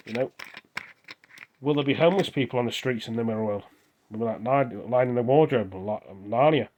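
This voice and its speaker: A man's voice: mid-range voice, a little fast, darkish tone, highs cut off. An English man rambling to camera on a phone, hopping from one topic to the next. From England. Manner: rambling, hops between topics. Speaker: vlogger. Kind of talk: casual monologue to camera.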